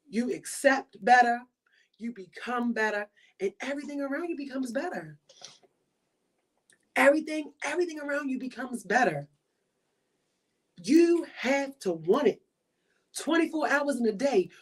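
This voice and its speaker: Emphatic woman podcast host, preaching. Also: sits high. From Baltimore. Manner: preachy, emphatic, repeats points. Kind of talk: motivational monologue.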